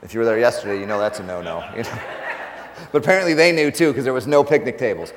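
A man telling a funny story in a sermon, laughing often and speaking with animated energy as a preacher. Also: mid-range voice, fast, big-room sound, slight background noise.

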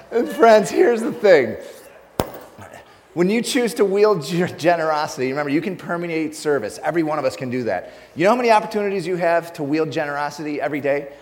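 A man preaches in a storytelling style, breaking into laughter as he recounts an anecdote. His voice sits a little high for a man. The sound carries a long reverb from a large hall. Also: animated, a little fast, darkish tone, a little hiss or hum. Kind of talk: storytelling sermon.

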